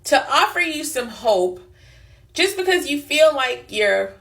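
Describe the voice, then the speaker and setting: Earnest woman with gravelly fry. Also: high-pitched, big pitch swings, a bit bright. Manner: measured, affirming, deliberate. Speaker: social media commentator. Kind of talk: earnest direct-to-camera advice.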